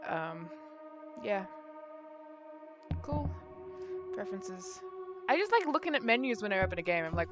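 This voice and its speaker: A woman streamer chatting casually and making quick asides while reading a story game aloud. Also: mid-range voice, sing-song, over music.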